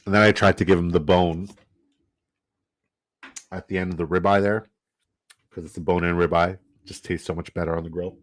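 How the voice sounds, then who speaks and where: A man's voice: low-pitched, little pitch movement, a little fast, long pauses. A man chatting casually and profanely on a live stream while drafting fantasy football, joking and laughing as he trash-talks the other players.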